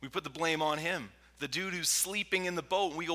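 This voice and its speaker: Pastor guy preaching, super bright sharp voice, goes loud then drops to whispers, big hall echo. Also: a little high, brisk. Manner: swings from loud and forceful to hushed whispers. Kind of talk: sermon. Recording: long reverb from a large hall.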